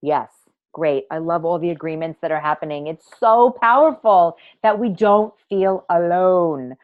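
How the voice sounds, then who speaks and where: A woman's voice: lowish voice, measured pace, no echo, narrow, tinny audio. A woman hosting a live online masterclass for women, talking in a theatrical, emphatic, gushing way and swearing freely. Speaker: online workshop host and women's coach.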